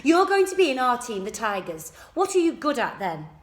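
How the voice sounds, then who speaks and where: A woman's voice: a little high, sing-song, brisk, pitched above the performer's own voice. A woman reading a storybook aloud, voicing a posh, pushy schoolboy who speaks sarcastically and scornfully, in an echoey room. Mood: sneering.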